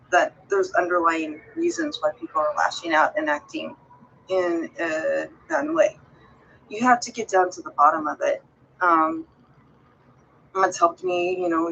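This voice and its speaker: A woman's voice: mid-range voice, creaky, fairly bright tone, poor audio. A woman vlogger talking to her viewers in a casual, heartfelt way, rambling and earnest as she encourages them.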